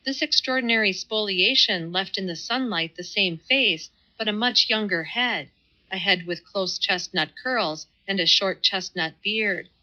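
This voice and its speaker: A woman reading a classic novel as an audiobook in calm, measured scripted narration. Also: mid-range voice. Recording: slightly muffled audio.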